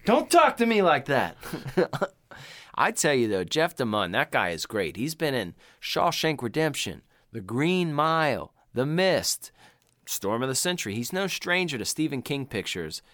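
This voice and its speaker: A man's voice: mid-range voice, sing-song, normal speed, fairly bright tone, no echo, clean studio sound. A man co-hosting a casual movie podcast, talking with lots of swearing and laughing as he retells scenes. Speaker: podcast co-host.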